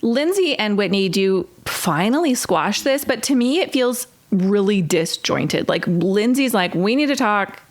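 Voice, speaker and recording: A woman's voice: mid-range voice, animated, measured pace, hardly any pauses. A woman co-hosting a podcast, chatting casually and in an exasperated way, with lots of "like". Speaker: podcast co-host. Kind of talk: casual chat recapping a reality show.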